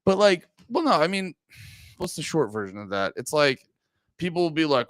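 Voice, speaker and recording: A man's voice: a little high, big pitch swings, normal speed, dry recording, studio quality. A young man talking casually as a podcast host, rambling and swearing, often cutting himself off and laughing. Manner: profane, rambling, self-interrupting, laughs often.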